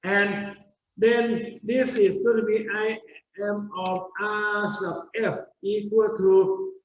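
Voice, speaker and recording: A male university lecturer walks through his material step by step, frequently checking in with "okay?". His voice is fairly high, with slight background noise, and the recording sounds roomy and dull.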